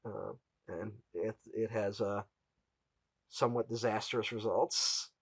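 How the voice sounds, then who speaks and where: A man's voice: on the low side, fairly even intonation, slow pace, husky, no echo. A man hosting a casual film podcast, retelling a story with quotes he acts out. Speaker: podcast host.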